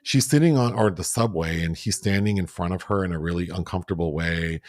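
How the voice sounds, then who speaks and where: A man co-hosting a film review podcast in casual chat, animated and acting out lines from the movie. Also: sits low, fairly quick, no room sound. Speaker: podcast co-host.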